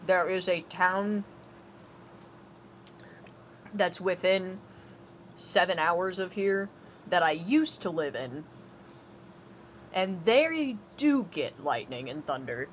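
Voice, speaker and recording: A woman's voice: lowish voice, lively intonation, takes it slowly, slight background noise. A woman co-hosting a game stream, chatting casually, laughing often and swearing freely. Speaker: co-host. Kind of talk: casual gameplay stream chat.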